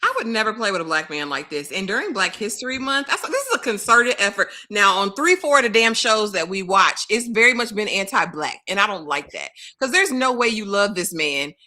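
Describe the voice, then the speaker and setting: Woman, casual review chat co-host, bright forceful tone, lively pitch, blunt and exasperated. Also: brisk, few pauses. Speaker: podcast co-host.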